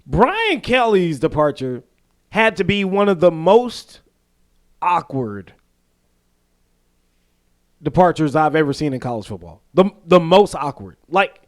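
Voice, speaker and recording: A man from the American South co-hosting a casual sports podcast, animated and quick to act out quotes and laugh. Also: fairly high pitch. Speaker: podcast co-host.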